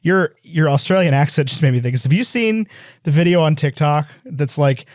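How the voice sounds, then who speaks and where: A man's voice: fairly high pitch, moderate pace, a little mellow, no echo, clean studio sound. A man co-hosting a movie podcast in casual chat, joking and swearing, often laughing. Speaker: podcast co-host.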